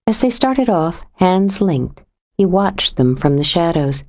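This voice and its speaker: A woman narrating a suspense audiobook in a steady, measured reading voice. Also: fairly low pitch. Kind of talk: scripted narration.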